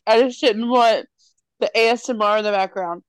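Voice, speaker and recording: A woman's voice: fairly high pitch, moderate pace, clean tone, no echo. A young woman chatting casually, dropping dry teasing remarks. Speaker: podcast co-host. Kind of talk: casual chat.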